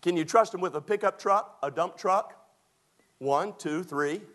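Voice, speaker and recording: A man, preaching a sermon that moves between lively scripture reading and folksy storytelling. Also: high-pitched, measured pace.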